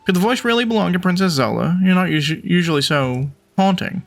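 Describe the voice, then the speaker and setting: A man's voice: high-pitched, expressive, brisk, gravelly, faint music behind. A man voicing an eager male bird reporter in a game, friendly and jumpy, who keeps calling the listener partner. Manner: upbeat, calls listener partner.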